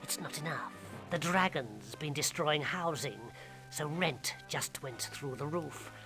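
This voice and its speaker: A man's voice: fairly high pitch, expressive, measured pace, gravelly, pushed and bright, soft background music, heavily acted. An actor playing a sly, wheedling male thief with a conspiratorial manner. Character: sly male thief haggling over quotas.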